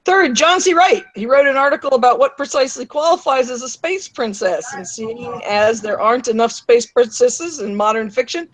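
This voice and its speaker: A woman's voice: on the high side, expressive, normal speed, hardly any pauses, no echo, low-quality recording. A woman co-hosting an online panel, chatting and reading a guest's message aloud with small self-corrections. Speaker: co-host. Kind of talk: casual roundtable chat and reading aloud.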